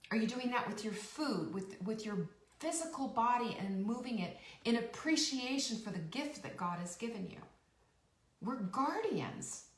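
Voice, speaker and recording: A woman's voice: on the high side, expressive, a little slow, roomy sound, distant mic. A woman host giving a rousing motivational talk, emphatic and repeating her key phrases. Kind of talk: motivational live-stream talk.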